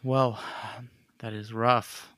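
Playful bright-voiced man in a mystery game. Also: medium pitch, flat delivery, extremely slow, no echo, studio quality. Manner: playful, stammering. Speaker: player. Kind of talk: playing a tabletop mystery game.

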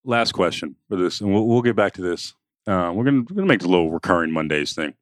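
A man's voice: low-pitched, expressive, fast talker, no echo, clean studio sound. A man co-hosting a sports podcast, chatting casually and playfully and hyping up a segment. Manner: playful, joking, hypes up a segment. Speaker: podcast co-host. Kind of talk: casual chat.

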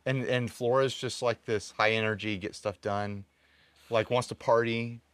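A man's voice: medium pitch, moderate pace, clean tone, no echo. A man hosting a casual chat outdoors, telling stories and laughing often. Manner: laughs often, animated storytelling. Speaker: podcast host. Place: outdoors on a tropical island.

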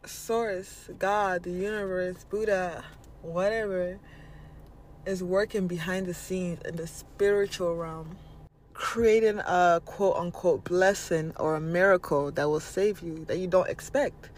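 A man's voice: sits high, steady tone, measured pace, slight background noise. A man hosting a podcast, giving a blunt, casual spiritual motivational monologue and swearing freely. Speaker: podcast host.

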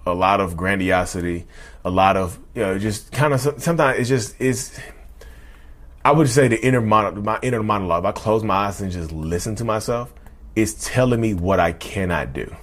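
A man in his thirties with a lowish baritone voice, hosting his own podcast. He talks in a loose, casual monologue, circling back and restarting sentences. He keeps calling his listeners y'all. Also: fairly quick, fairly bright tone. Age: 30s. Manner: rambling, repeats himself, addresses listeners as y'all. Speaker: podcast host.

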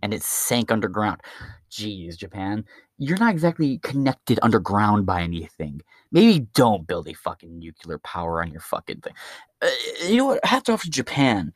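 A man's voice: lowish voice, big pitch swings, moderate pace, no room sound, clean studio sound. A man hosting his own podcast, delivering a crude, profane, rambling stand-up style rant. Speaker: podcast host.

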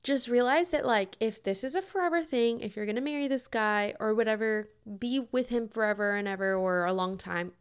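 A woman's voice: fairly high pitch, a little fast, hardly any pauses, clean tone. A young woman hosting a podcast, answering listener questions in a chatty, upbeat way, with lots of "like" and "oh my God.". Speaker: podcast host. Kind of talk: casual advice chat answering listener questions.

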